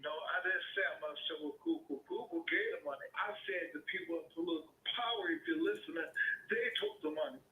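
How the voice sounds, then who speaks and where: A man's voice: sits high, expressive, quick pace, echoey room, phone-quality sound, slight background noise. A man from the Pittsburgh area, arguing heatedly as a caller, profane and combative, repeating himself. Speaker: caller, homeowner. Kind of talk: heated phone argument.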